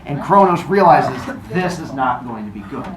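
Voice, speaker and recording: A woman retelling a myth in a lively comic way, joking and quizzing her listeners. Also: a bass voice, normal speed, crowd noise. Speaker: storyteller. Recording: echoey room, noisy.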